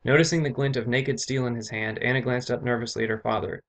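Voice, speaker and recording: Male author narrating his fantasy novel, steady plain reading. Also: medium pitch, quick pace, creaky. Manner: steady reading with occasional self-corrections. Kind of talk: book reading aloud.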